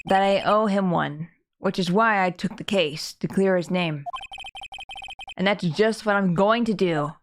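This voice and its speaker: A woman's voice: mid-range voice, a little slow, a little hiss or hum, natural voice. A woman reading the part of an earnest young male rookie defense lawyer, in a plain voice over game music.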